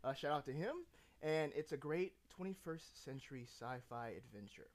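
A man's voice: on the high side, moderate pace. A man acting as game master for a tabletop role-playing game, often laughing and using lots of fillers.

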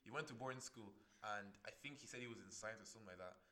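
A young man co-hosting a casual chat, telling stories with jokes and loud bursts. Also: on the low side, very fast. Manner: joking storyteller, loud bursts.

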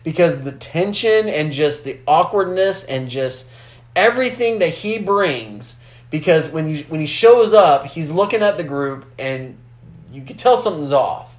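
A man chats loosely about a film, rambling and swearing as he goes. His voice sits a bit high for a man and echoes around the room he's recorded in. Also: animated, measured pace. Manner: rambling, swears freely, acts out characters. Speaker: podcast co-host. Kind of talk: casual chat about a film.

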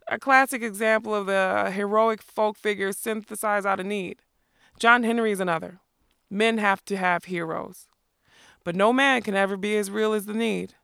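A woman's voice: mid-range voice, fairly even intonation, normal speed, vocal fry, a bit bright, smooth, no echo, studio quality. A woman voicing a blustering, pompous outlaw captain in a storybook reading, with a lecturing, nervous manner. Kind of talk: audiobook character voice.

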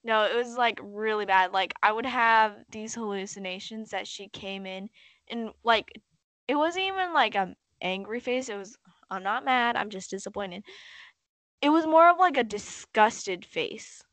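A woman's voice: fairly high pitch, expressive, normal speed, fairly bright tone, no room sound. A young woman chatting casually who rambles, swears freely and says "like" a lot. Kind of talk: casual chat.

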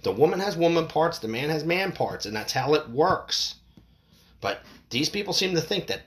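An adult parent rants straight to camera, swearing freely and getting more worked up as they go. Their mid-height voice swings widely, dropping into low mutters and then leaping high in indignant bursts. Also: big pitch swings, normal speed. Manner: impassioned, profane, voice jumping up when worked up. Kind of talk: heated opinion rant.

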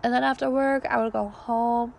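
A woman in her thirties tells a rambling story on a casual podcast, packing her speech with fillers. Her voice sits fairly high, but it is raspy and gravelly, and she is losing it. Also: fairly even intonation, moderate pace, slight background noise. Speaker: podcast co-host.

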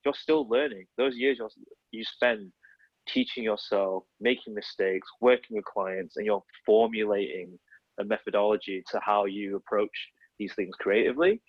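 Husky, low man chatting casually. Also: normal speed, dry recording, dull audio. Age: 30s. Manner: rambling, lots of fillers and self-corrections. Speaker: illustrator. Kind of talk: casual podcast conversation.

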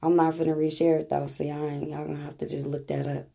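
Animated woman reacting to clips. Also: low-pitched, quick pace, creaky, breathy edge. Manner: animated, laughing, chatty. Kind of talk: casual reaction commentary.

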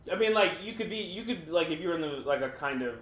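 A man's voice: high voice, animated, fast talker, a bit bright. A man co-hosting a podcast in casual chat, rambling and swearing as he goes. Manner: rambling, swearing, mock voices. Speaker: podcast co-host. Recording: echoey room.

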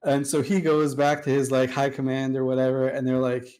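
Relaxed male storyteller, loose and profane, jokes at his own expense, mid pitch. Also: moderate pace, few pauses. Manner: laid-back, profane, self-mocking, acts out quoted dialogue. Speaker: storyteller recounting online game history. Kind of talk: casual storytelling.

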